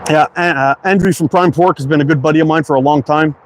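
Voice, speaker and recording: Fifty-year-old Quebec English man, slightly high. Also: steady tone, quick pace, noisy background. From Quebec, Canada. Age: 50s. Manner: friendly, repeats words, reads chat aloud. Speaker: livestream host. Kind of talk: casual livestream chat.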